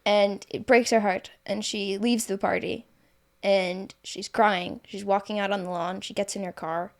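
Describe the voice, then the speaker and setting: A woman's voice: medium pitch, fairly even intonation, measured pace. A woman telling a story in casual conversation, rambling, with many fillers and self-corrections. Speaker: guest author.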